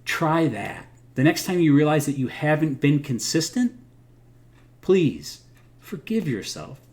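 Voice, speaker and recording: A man hosting a live talk from home, speaking earnestly and encouragingly, laughing softly at himself now and then. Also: on the high side, animated, unhurried. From United States. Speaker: host of a livestream. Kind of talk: casual motivational talk.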